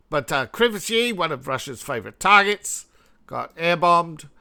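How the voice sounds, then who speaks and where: A man's voice: on the high side, very animated, normal speed, vocal fry, bright, forceful tone. An Australian man hosting a casual news commentary vlog, rambling and sarcastic, chuckling at his own jokes. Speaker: host.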